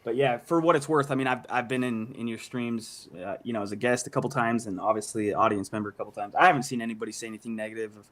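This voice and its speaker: A man's voice: medium pitch, quick pace, few pauses, a bit bright. A male guest chatting casually on a stream, in a laid-back, rambling way. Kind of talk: casual commentary chat.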